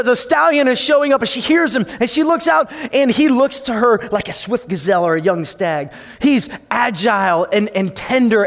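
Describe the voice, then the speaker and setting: High-voiced male pastor in a hall. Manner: animated, wide swings from loud and lively to soft and low. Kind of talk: sermon. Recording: long hall reverb.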